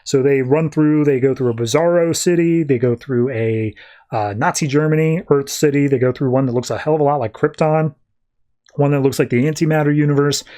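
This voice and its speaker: A man's voice: mid-range voice, normal speed, dark tone. A man hosting a podcast, recapping a comic in a breezy, jokey storytelling way. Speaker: podcast host.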